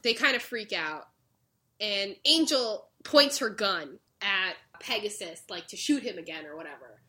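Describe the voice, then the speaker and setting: Young woman, podcast co-host, bright voice that swings widely, acts out lines, laughs a lot. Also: medium pitch, measured pace. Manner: animated retelling, acts out characters' lines, laughs often. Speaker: podcast co-host recapping a show. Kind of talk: casual chat.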